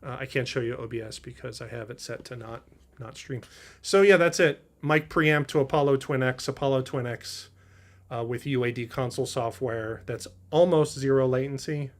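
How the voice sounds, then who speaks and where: A man's voice: medium pitch, moderate pace. A man hosts a drum livestream from his drum room, chatting casually with viewers. He rambles and halts, full of fillers and restarts. He is picked up by studio mics. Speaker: drummer hosting a livestream. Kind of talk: casual livestream chat reading viewer comments. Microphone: studio mics through a preamp.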